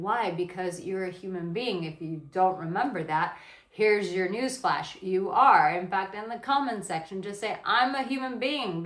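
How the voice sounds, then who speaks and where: A woman dating coach giving blunt, animated advice to camera, swearing casually. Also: medium pitch. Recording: roomy echo.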